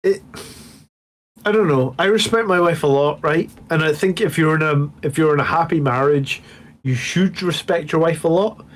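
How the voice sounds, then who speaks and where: A man in his thirties chats loosely on a late-night hobby livestream, his voice sitting a little higher than most men's. He rambles, swears freely and thanks his viewers while working through a beer and a whiskey. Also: normal speed.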